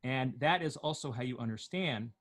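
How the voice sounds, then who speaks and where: A man teaching an online class, slowly chanting Torah words and notes, then explaining them in quick, joking asides. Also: medium pitch, fairly bright tone. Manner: jokey, asks questions of the class.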